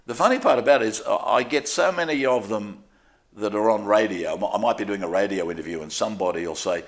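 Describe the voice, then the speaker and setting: Older Australian man, low candid voice. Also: fast. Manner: candid, self-deprecating, with frequent restarts. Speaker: interviewee, sports commentator. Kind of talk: relaxed interview storytelling.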